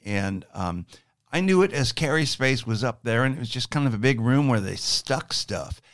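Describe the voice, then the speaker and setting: A man's voice: mid-range voice, moderate pace, dry recording, clean studio sound. A man hosting a casual interview, chatty and friendly as he asks questions. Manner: chatty, friendly, lively intonation. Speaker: interview host. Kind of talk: casual conversation.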